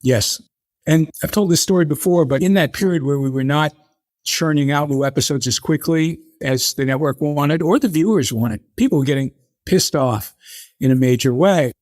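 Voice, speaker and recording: Older male guest, slightly high voice, dry close sound, spins animated anecdotes. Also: normal speed, no room sound. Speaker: interview guest, TV creator. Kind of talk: conversational interview storytelling.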